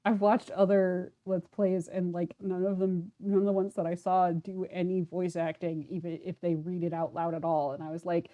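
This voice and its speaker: A woman's voice: on the low side, level tone, moderate pace, hardly any pauses, dark tone, highs cut off. A young woman chatting casually while playing a game on stream, self-deprecating and full of fillers. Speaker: let's play streamer. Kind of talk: casual gameplay commentary.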